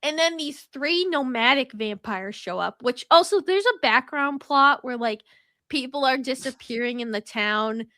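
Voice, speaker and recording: Bright, high-voiced woman laughing while retelling. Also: lively intonation, normal speed. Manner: laughing, mocking plot retelling. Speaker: podcast co-host. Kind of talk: casual chat.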